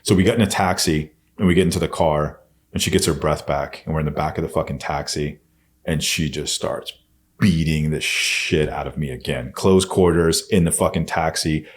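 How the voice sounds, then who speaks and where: Very deep-voiced blunt man. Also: steady tone, moderate pace. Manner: blunt, heavy swearing, intense retelling. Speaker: podcast guest. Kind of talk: candid storytelling.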